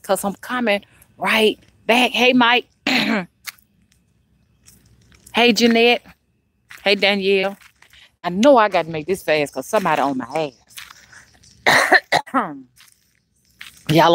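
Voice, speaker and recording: A woman's voice: medium pitch, a bit bright. A middle-aged woman hosting a casual spiritual live stream outdoors by a dusty street, rambling, greeting viewers by name and talking in folksy slang. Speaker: spiritual livestream host.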